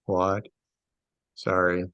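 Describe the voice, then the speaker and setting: Older man, gravelly, very deep and slow, dry sound on a video call. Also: completely flat delivery, a bit bright, dry recording, dull audio. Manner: slow, fumbling with audio settings. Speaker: class participant.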